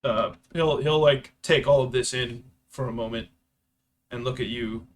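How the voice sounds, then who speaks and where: A man's voice: mid-range voice, a little slow. A man narrating as game master of a tabletop game, casually and with many fillers.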